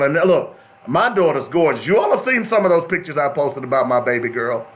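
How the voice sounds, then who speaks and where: A man's voice: on the high side, animated, a little fast. A middle-aged man hosting a talk radio show, speaking in an emphatic, preachy way and repeating phrases for stress.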